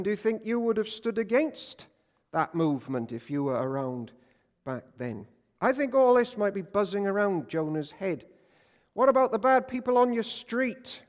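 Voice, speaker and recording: A man preaching a sermon in a church, animated and jokey, often asking the congregation questions. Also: high-pitched. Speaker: pastor. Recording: long reverb of a church hall.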